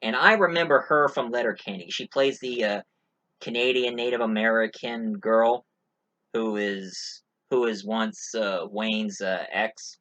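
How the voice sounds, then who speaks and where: A man's voice: on the low side, fairly even intonation, unhurried, a bit bright, dull audio. Rambling, joking man reviewing a movie. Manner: rambling, many fillers, joking asides. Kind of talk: casual spoken movie review.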